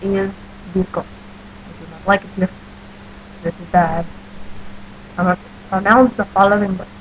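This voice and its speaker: A woman vlogging from a room at home into a webcam. She answers questions deadpan in a put-on mock Russian accent. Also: mid-range voice, normal speed. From New Jersey. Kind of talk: comic accent-challenge vlog. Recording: dull lo-fi webcam audio with faint hum.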